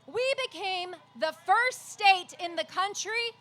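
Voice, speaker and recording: A woman activist leader giving an earnest, measured speech at an outdoor rally. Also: extremely high pitch, sharp tone. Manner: measured, earnest, leads call-and-response chants.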